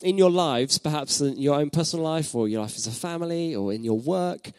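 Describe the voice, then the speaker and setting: A man in his thirties delivering a sermon as pastor, his voice sitting fairly high for a man. He speaks reflectively, putting questions to the congregation and repeating phrases to drive them home. The sound is close and dry. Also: fairly quick, a little mellow, clear, resonant tone, no room sound.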